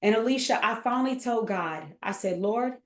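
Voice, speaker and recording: A woman hosting a faith group chat, emotional and talking in quick bursts with restarts. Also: fairly high pitch, lively intonation, a bit bright, reverberant. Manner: emotional, talks fast with restarts. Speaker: host and faith coach. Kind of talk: casual live group chat.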